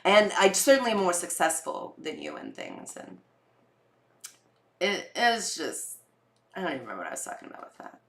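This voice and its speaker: A woman's voice: on the low side, huge pitch swings, a little fast, vocal fry, long pauses, a bit bright. Chatty woman in an echoey room. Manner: chatty, candid, full of fillers and acted-out quotes. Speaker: podcast host. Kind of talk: casual personal storytelling.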